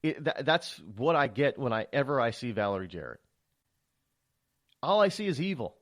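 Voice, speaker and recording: A man's voice: medium pitch, normal speed. A man hosting a talk radio show, speaking in a rambling, emphatic monologue full of restarts and stammers. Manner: animated, emphatic delivery.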